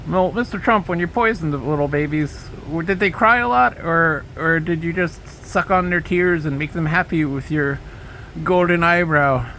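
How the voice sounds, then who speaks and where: A man doing a simpering high politician's wife. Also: normal speed, sharp tone, slight background noise, rough recording.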